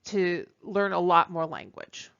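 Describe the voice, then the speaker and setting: Slow, deliberate woman teaching French. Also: on the low side, creaky, fairly bright tone, clear, resonant tone, muffled recording. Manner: slow, deliberate, with frequent ums and uhs; models French phrases for repetition. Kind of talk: recorded video lesson.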